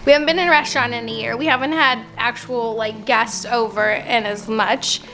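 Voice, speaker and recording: A young mother in her thirties chats through a casual home vlog, upbeat and quick to laugh. Her voice sits a bit above the usual range for a woman, and she leans on easy fillers as she talks. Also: fairly high pitch, steady tone, sharp tone, faint music behind, rough recording. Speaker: vlogger and mother. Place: home, at a family dinner table and then in a quiet office.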